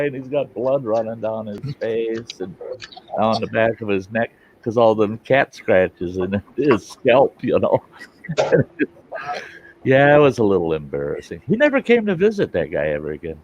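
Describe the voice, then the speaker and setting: A man's voice: lowish voice, very animated, moderate pace, a little mellow. A man casually telling rambling, profane stories and laughing often, in a dull lo-fi recording with faint hiss. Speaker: host. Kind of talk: casual storytelling chat.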